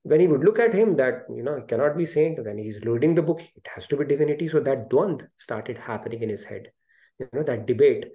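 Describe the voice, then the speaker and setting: A man with an Indian English accent tells a story to a group on a video call. His voice is mellow and warm, and he acts out the quoted lines with animation. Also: mid-range voice, expressive, fairly quick. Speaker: host of an online spiritual study session.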